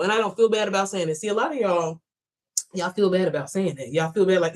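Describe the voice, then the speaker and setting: Woman, business coach type, rapid unfiltered vlog talk to camera, profane, rambling, addresses viewers directly. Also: on the low side. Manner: blunt, heavily profane, talks straight to viewers as "y'all"; rambling with frequent restarts and "you know what I'm saying". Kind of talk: casual motivational vlog monologue.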